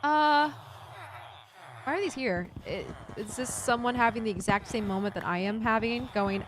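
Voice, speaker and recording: A young adult woman streamer chatting casually with viewers while playing a game, animated and giggly. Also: fairly high pitch, moderate pace, slight background noise. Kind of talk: casual gameplay chat with viewers.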